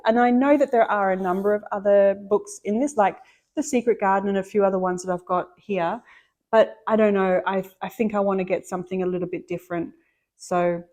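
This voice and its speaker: A middle-aged woman talks warmly and eagerly about her favourite books. She speaks at a medium pitch in a casual, chatty way. She often trips over and restarts her sentences. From Australia. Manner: enthusiastic, chatty, with frequent restarts. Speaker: book vlogger. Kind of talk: casual book chat.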